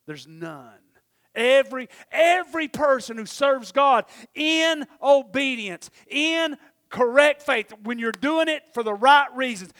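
A male pastor preaches to his church in a very high voice. He swings between loud, emphatic exclamations and quiet, murmured asides. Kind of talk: sermon.

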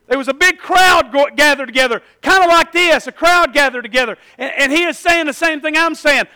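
A middle-aged man from Tennessee, preaching a sermon as pastor, building from quiet talk to loud, emphatic calls. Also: very high voice, lively intonation, normal speed, few pauses.

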